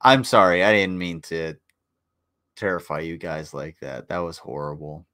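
A man's voice: low-pitched, normal speed, sharp tone, smooth. A tired man casually commenting on a livestream, joking and swearing as he rambles. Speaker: streamer reviewing war footage.

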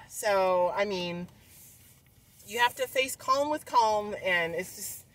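A woman's voice: medium pitch, slow pace, long pauses, fairly bright tone, far from the mic. A woman talking candidly in a personal vlog, rambling and emotional, with frequent sighs and fillers. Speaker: vlogger.

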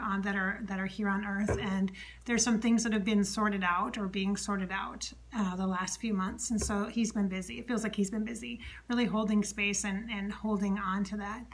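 A woman medium talking alone, chatty, relaying an unseen spirit's words and often dropping to a soft whisper. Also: mid-range voice. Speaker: psychic medium. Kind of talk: solo channeling monologue.

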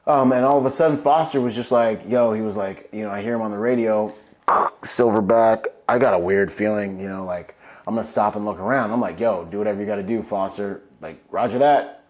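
A man's voice: fairly low pitch, brisk, a little mellow. A man who is a Marine veteran, telling his story as an interview guest in a casual, laid-back way, full of slang and fillers.

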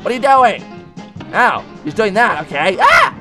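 A man voicing an excitable male cat, commenting on a game, yelping and talking back to the bosses. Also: sits high, moderate pace, faint music behind, full character voice. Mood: excited. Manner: yelps and screams, talks to the bosses. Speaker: let's play gamer.

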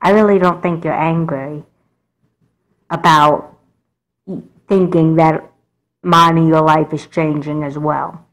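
Woman voicing a firm, calm mother. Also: low voice, slow, pauses often, low-quality recording. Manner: calm, scolding, patient. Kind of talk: doll movie voice acting.

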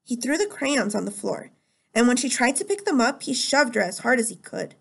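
A woman teacher reading a novel aloud in a steady, plain storytelling manner. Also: on the high side, a little fast, vocal fry, husky.

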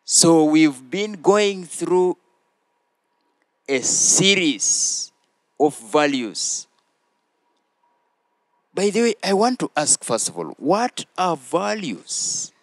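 A man hosting a children's church show, teaching slowly and prompting the children to repeat phrases after him. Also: fairly high pitch, very animated, dry recording. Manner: slow, deliberate, prompting listeners to repeat phrases. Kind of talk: teaching children with call-and-response.

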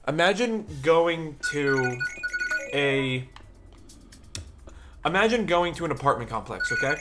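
Young male let's-play host, high voice, rambling cursing storyteller, game music under. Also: expressive, slow pace. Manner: rambling storyteller, swears freely. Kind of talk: casual gameplay commentary.

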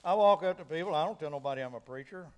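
Racing along in a clear, resonant, slightly high voice, a middle-aged pastor gives a folksy sermon full of animated emphasis that climbs to rising peaks.

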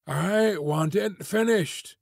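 A man voicing a gruff male farmer who speaks curtly and doggedly. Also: high-pitched, slow pace, dry recording, studio quality, pitched above the performer's own voice, full character voice. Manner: curt, dogged.

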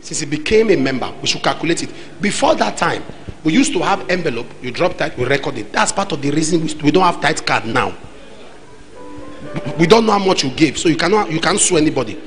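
A man's voice: a little high, a little fast, soft background music, poor audio. A man with a Nigerian accent preaching a sermon as pastor, acting out the voices in his stories. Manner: animated, acts out dialogue, shifts between loud and soft. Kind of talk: sermon with acted anecdotes.

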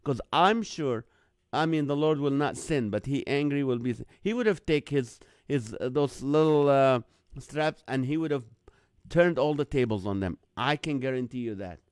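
On a live online show, a Middle Eastern host tells a funny story, bringing other people's lines to life in an animated, jumped-up voice. His mid-range voice is clear and resonant, at normal speed, with clean studio sound and no room sound.

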